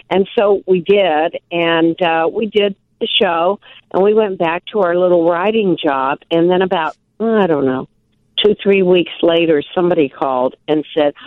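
An older woman from Milwaukee, telling animated, self-deprecating stories as an interview guest. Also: lowish voice, moderate pace, no room sound. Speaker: guest, actress and author. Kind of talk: casual interview storytelling. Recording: tinny phone line, dry.

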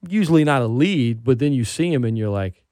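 A man hosting a radio show, chatting casually and telling stories with animated excitement. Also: medium pitch, brisk, no echo, studio quality. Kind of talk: casual chat.

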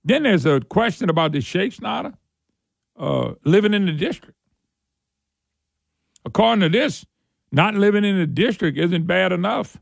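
A man hosting an opinionated political talk show, sarcastic and quick to laugh. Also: lively intonation, gravelly, no echo, studio quality. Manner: sarcastic, laughs often, voice jumps high when mocking. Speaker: radio talk show host.

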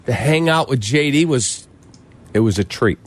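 A man's voice: mid-range voice, expressive, normal speed. A man on a sports talk radio show, chatting casually and fondly about times on the road.

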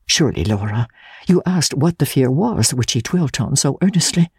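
A woman reading an audiobook, voicing a steady, concerned woman who asks earnest, probing questions. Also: rumbling low, moderate pace, slightly rough, no echo, studio quality, voice pushed down, full character voice.

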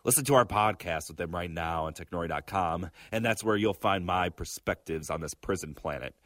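A man delivering a comedic news segment in a theatrical, gruff mock-tough manner, like a pirate. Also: low voice, fairly quick, fairly bright tone, dry recording, clean studio sound. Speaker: tech news segment contributor.

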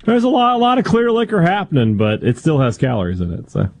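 A man co-hosting a sports radio show who tells stories about his weekend in a relaxed, playful way. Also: fairly high pitch, fast, gravelly, a little hiss or hum. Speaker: radio co-host. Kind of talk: casual sports radio banter.

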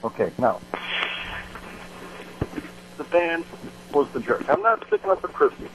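A man's voice: on the high side, animated, measured pace, noisy background. A man calling into a radio show with an emphatic opinion, his cell phone cutting in and out. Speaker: caller.

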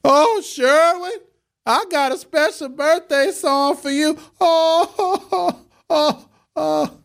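A man voicing an older man crooning a birthday song in a high, wobbly voice. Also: slow, creaky, a bit bright, heavily acted.

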